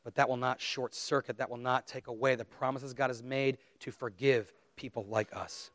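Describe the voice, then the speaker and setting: A man's voice: mid-range voice, fairly even intonation, moderate pace, fairly bright tone, no echo. A man preaching a sermon, earnest and emphatic, reading scripture aloud with dramatic emphasis. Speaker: pastor.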